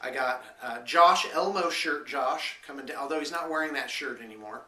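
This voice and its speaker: A man's voice: medium pitch, normal speed, pushed and bright, echoey room, distant mic. A man giving a casual, rambling vlog update, full of hesitant fillers. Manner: chatty, hesitant with lots of fillers. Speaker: vlogger and small business owner.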